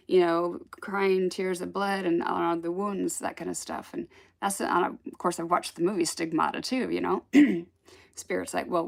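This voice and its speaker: A woman telling a personal spiritual story in a casual, animated way, acting out the voices she quotes and laughing often. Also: on the low side, vocal fry.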